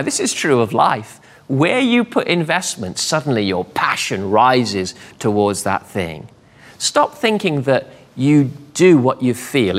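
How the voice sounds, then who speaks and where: A middle-aged man preaching a sermon, lively and storytelling, acting out the voices of the people in his anecdotes. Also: mid-range voice. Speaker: pastor.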